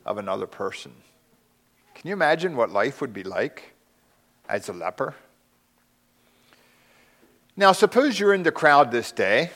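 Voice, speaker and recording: A man preaching a sermon, telling the story slowly and dramatically, dropping to a hush and then rising for emphasis. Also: fairly high pitch.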